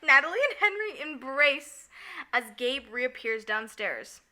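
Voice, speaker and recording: A woman with a very bright, slightly high voice co-hosts a casual podcast. She giggles often and slips into little acted-out lines while recapping a story. Her talk is animated and chatty. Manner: giggly, animated, acts out characters in quick asides. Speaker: podcast co-host. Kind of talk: casual chat recapping a musical.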